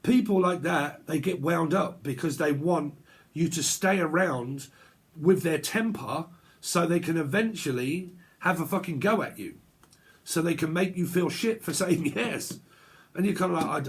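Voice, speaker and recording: A man's voice: a little high, expressive, normal speed, slightly rough. A man giving a casual tarot reading, ranting and swearing as he acts out both sides of an argument. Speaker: tarot reader.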